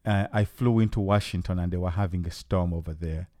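A man's voice: deep voice, fairly even intonation, brisk, mellow, dry recording, studio quality. Ugandan man hosting a joking podcast chat. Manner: playful, joking questions. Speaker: podcast host. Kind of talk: casual chat.

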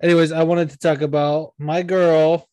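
A man with a fairly high voice, co-hosting a casual podcast chat. He rants with excitable energy and swears often. The sound is dry and close, with no room echo. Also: moderate pace. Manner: profane, excitable ranting. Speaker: podcast co-host.

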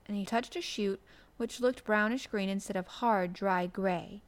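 A woman narrating a storybook in a soft, gentle, measured reading voice. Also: mid-range voice. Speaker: audiobook narrator.

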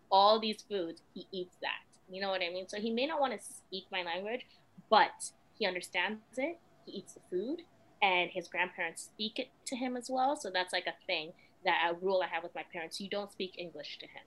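Bright-voiced animated young woman. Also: mid-range voice, low-quality recording. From West Africa. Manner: animated and expressive, with frequent "you know what I mean". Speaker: guest, mother. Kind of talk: casual interview chat.

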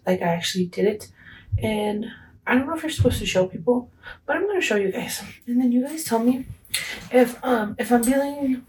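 A young woman talks on her own podcast in a loose, rambling way, joking about herself as she goes. She now and then slips a quick Spanish phrase into her English chat. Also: mid-range voice, darkish tone, slight background noise, poor audio. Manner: chatty, rambling, self-mocking, drops Spanish phrases. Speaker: podcast host. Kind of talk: casual solo podcast chat.

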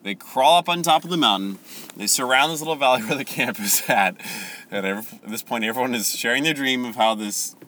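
Man, bright voice, casual Bible teacher, animated, self-correcting. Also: medium pitch, brisk, slight background noise. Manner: animated, laughing, corrects himself.

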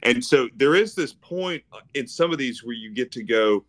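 A man co-hosting a casual faith podcast, speaking in a reflective, thoughtful, somewhat halting way. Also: mid-range voice, lively intonation, a bit bright. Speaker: podcast co-host.

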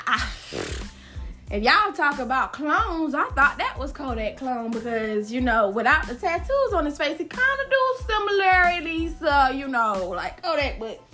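Brief: high-pitched woman host of a gossip podcast, sassy and slangy. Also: pushed and bright. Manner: sassy, repeats lines for emphasis, slangy. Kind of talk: casual solo gossip podcast.

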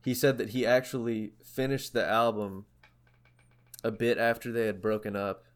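Young male podcast co-host, low-pitched, rambling and filler-heavy, relaxed casual chat. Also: normal speed. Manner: rambling, many fillers and restarts. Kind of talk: casual chat about music.

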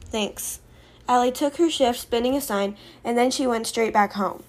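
A woman's voice: a little high, normal speed. Casual woman telling a story. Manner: informal, recapping with fillers.

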